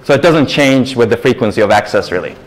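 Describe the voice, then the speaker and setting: A male lecturer talks through his material with emphatic explanations at an ordinary middle pitch. He fields audience questions in a lecture hall. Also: expressive, fast talker. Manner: explanatory, emphatic, leans on "actually".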